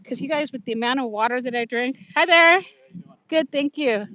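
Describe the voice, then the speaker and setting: A chatty woman in her fifties talks to her live-stream viewers while walking outdoors, with a fairly high voice. She reads their comments aloud and laughs easily. The phone audio is dry and a little dull. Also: normal speed, sharp tone, no room sound. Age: 50s. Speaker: vlogger.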